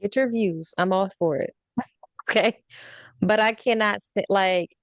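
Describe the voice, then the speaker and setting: A woman's voice: mid-range voice, a little slow, dry recording. A woman hosting a podcast, chatting casually and ranting with frequent laughter. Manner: animated ranting, laughs often. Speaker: podcast host.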